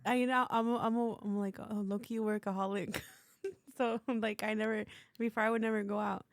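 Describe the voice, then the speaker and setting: A woman guest in a casual interview, talking in a relaxed, chatty way with frequent laughs. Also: medium pitch, a little fast, vocal fry, dry recording. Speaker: artist guest.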